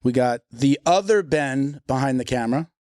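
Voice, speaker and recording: Joking around in casual conversation, this podcast host frequently starts his sentences over. His medium-pitched voice is expressive and darkish, paced moderately, in clean studio audio without room sound.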